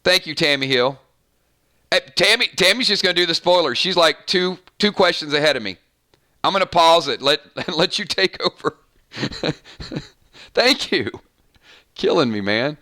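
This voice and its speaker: Man, live-stream host, casual chat, bright tone, slightly high pitch, frequent restarts. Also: lively intonation, normal speed, pauses often. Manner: chatty, self-interrupting, stumbles and restarts often.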